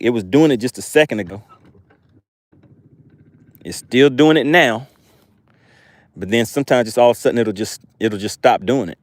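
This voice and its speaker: A man hosting a fishing livestream from a boat outdoors, excitable, calling out catches and chatting with viewers. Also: mid-range voice, no echo. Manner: excitable, reads chat aloud, exclaims. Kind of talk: live fishing stream chat.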